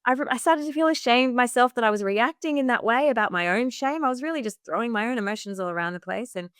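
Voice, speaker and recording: A woman's voice: fairly high pitch, expressive, fast, fairly bright tone, smooth, dry recording, clean studio sound. A woman podcast guest, a women's health coach, telling her personal story in earnest and acting out what she once said, with many "like" fillers. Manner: earnest, acts out her own past remarks in quotes; frequent "like" fillers.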